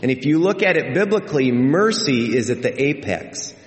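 A man's voice: medium pitch, sing-song, moderate pace. A man preaching a sermon as a pastor, speaking earnestly and emphatically, repeating key phrases for weight. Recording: echoey hall with long reverb.

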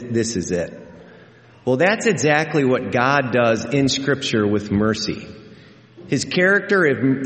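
Man, pastor preaching a sermon, slow deliberate pace, earnest and emphatic, echoey church hall with long reverb. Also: medium pitch.

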